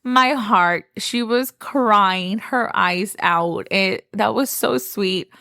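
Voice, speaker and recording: A young woman from Texas tells a story on her podcast, gushing and full of "like". Her voice sits at a middle pitch. The close mic gives a dry sound no room in it. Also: very slow, vocal fry, sharp tone, no echo. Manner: chatty, gushing, says "like" often. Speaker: podcast host. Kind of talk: casual storytelling.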